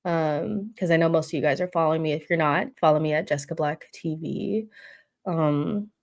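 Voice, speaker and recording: A young woman with a low voice hosts a casual football live stream. She reads out viewer comments and teases them back in a chatty, offhand way. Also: normal speed.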